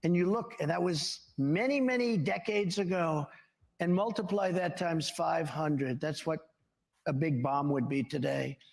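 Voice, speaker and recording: Unhurried and creaky, a seventy-something man answers questions at a town hall, his pitch a touch above the usual male range. He boasts while rambling from one anecdote to another, and the big room's long reverb hangs after everything he says.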